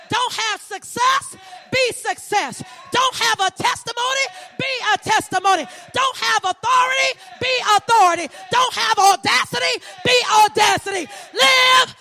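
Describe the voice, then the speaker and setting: A woman preaching an impassioned sermon, building repeated lines into ringing shouts. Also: very high-pitched. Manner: rhythmic repetition, building to shouts.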